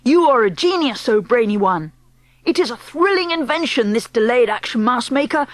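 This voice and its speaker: A woman voicing a crowd of excited, adoring witches who shout fawning praise in an audiobook. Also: moderate pace, no echo. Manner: shrill, fawning cries.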